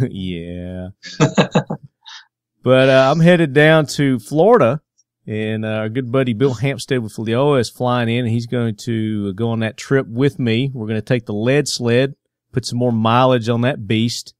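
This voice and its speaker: A man's voice: medium pitch, a little slow, smooth, dry recording, studio quality. A man with a Southern US twang hosting a podcast in casual chat, joking and laughing easily. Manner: laughing, joking, loose and chatty. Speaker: podcast host.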